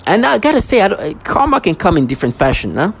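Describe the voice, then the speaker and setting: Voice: mid-range voice, sing-song, fast, slightly rough. A vlogger speaking in a rambling personal monologue, agitated and repetitive, with frequent stammering restarts.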